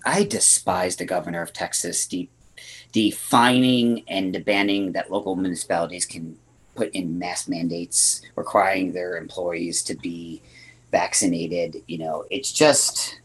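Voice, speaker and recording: A lower-pitched man with a Western New York accent and a husky voice, talking through issues as a podcast guest. He stumbles and restarts often but speaks his mind bluntly. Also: fairly bright tone, low-quality recording. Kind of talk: casual podcast discussion.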